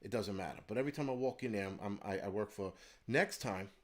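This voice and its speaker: A man's voice: fairly low pitch, quick pace. A man hosting his channel, telling a story in a heated, profane rant. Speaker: host of a prepping channel. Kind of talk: ranting storytelling monologue.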